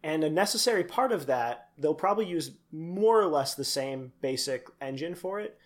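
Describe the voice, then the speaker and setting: A man's voice: fairly high pitch, lively intonation, normal speed. Rambling young man on a podcast. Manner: rambling, lots of fillers and asides. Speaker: podcast co-host. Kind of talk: casual chat.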